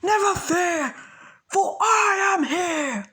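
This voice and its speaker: A woman doing a high, loud impression of a heroic muscular male superhero while telling a fan story. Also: expressive, slow, full character voice. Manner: loud, theatrical hero proclamation.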